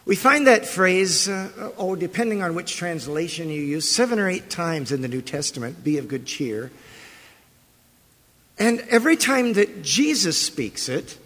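In a church sanctuary, a male pastor preaches a sermon, telling the story with animation and asking the congregation questions. His voice sits high and is slightly bright, with lively intonation, normal speed, and few pauses, all under the long reverb of a large hall.

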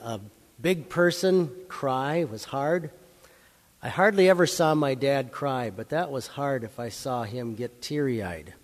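A man, a pastor, reading scripture and giving a gentle children's sermon, asking the kids simple questions. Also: medium pitch. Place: church sanctuary. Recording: long church reverb.

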